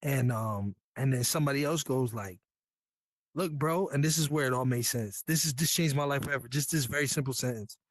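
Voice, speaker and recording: A man's voice: mid-range voice, fast talker, few pauses, no room sound. A man from New York, a Navy veteran guest, telling his story in a candid, earnest, slangy way. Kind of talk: casual storytelling.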